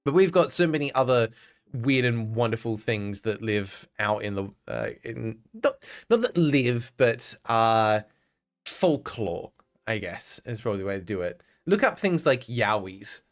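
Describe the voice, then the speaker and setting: A man's voice: lowish voice, sing-song, a little slow. An Australian man chatting casually on a live stream, laughing often and answering his chat.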